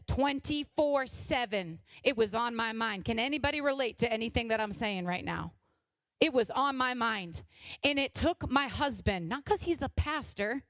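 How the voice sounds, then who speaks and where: A high-pitched woman in her forties preaches with fervent, exhorting energy, leaning in with loud urging and then dropping to a hushed, confessional tone. Her voice sits close and dry, with almost no room sound around it. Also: no echo. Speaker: pastor's wife preaching. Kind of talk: sermon.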